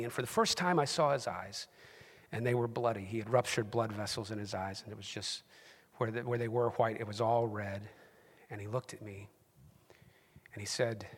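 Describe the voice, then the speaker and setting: Man, pastor, sermon, loud to whispered delivery, reverberant hall. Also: medium pitch. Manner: dramatic swings from loud, shouted emphasis to hushed whispers. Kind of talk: sermon storytelling.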